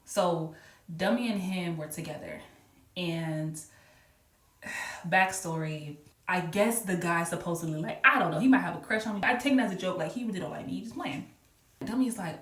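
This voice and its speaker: A woman casually telling a work story on camera, animated and laughing often as she acts out what people said. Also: fairly low pitch, moderate pace. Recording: roomy echo, mic a little far off.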